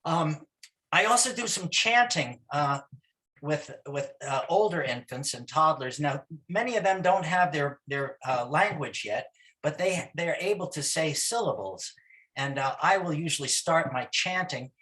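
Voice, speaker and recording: A man giving a talk on music for young children, in a halting, chatty way with many restarts and sudden loud rhythmic chanting demonstrations. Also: a little high, lively intonation. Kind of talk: informal lecture with chanting demos.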